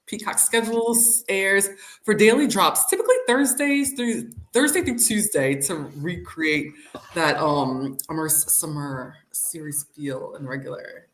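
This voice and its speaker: A woman's voice: fairly low pitch, a little slow. A woman co-hosting a casual chat show, telling stories with lots of giggles. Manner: giggly, animated storytelling. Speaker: podcast co-host. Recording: roomy echo.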